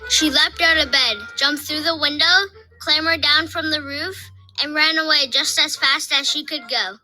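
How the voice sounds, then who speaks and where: A woman narrating a children's story in a clear, lively storytelling voice. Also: high-pitched, moderate pace, low-quality recording. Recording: studio narration with soft music behind.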